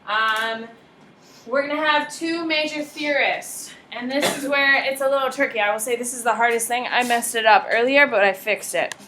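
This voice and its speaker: A woman's voice: on the high side, normal speed, bright, forceful tone, roomy sound, a little hiss or hum, rough recording. A woman teaching a lecture class, chatty and self-deprecating, often asking the class questions.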